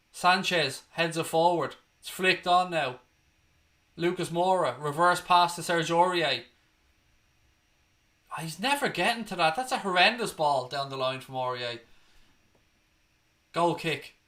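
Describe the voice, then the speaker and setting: A young Irish man calls the match live for his watchalong, blunt and sweary, flaring into outrage at bad calls. His voice sits a little high and rings bright and forceful. He keeps talking over the play without pause. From Ireland. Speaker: watchalong host. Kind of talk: live match commentary and chat.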